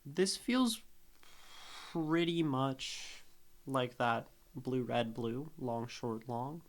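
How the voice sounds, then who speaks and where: A male streamer works through a poem at an unhurried, drawn-out pace, thinking aloud as he goes. He repeats words and sounds out their syllables, and his voice sits at an ordinary middle pitch. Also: expressive. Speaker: streamer analyzing poetry. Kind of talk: casual live-stream teaching.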